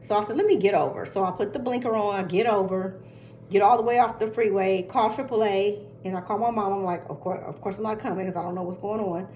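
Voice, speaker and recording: An older woman casually telling a long story, chatty and animated, acting out what others said. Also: medium pitch, fast, dull audio, a little hiss or hum. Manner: chatty, animated retelling with quoted voices.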